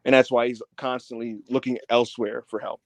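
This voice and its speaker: A man's voice: medium pitch, a little fast, no echo. A man co-hosting a casual wrestling review podcast, retelling scenes with acted-out quotes and lots of profanity. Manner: animated storytelling with acted-out quotes. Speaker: podcast co-host.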